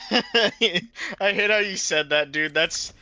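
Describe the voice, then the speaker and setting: A young man chatting casually while gaming, telling stories excitably. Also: a little high, takes it slowly, clear, resonant tone. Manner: excitable, laughing storyteller.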